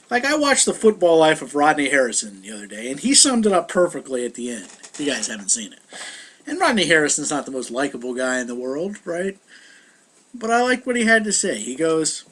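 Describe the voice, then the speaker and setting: A young man vlogging in a high, bouncy voice that swings all over as he rants. His talk is casual and heated, full of exasperation. He sounds like a regular vlogger holding forth on his own channel. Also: very animated, fairly quick, a bit bright, breathy edge. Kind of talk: casual ranting monologue.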